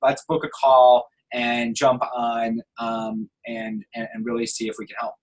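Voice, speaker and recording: Guy running a group coaching call, mid pitch, kinda rambly, keeps restarting lines. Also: big pitch swings, measured pace, gravelly, rough recording. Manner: loose, restarts sentences. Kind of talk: casual group video call. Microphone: video call.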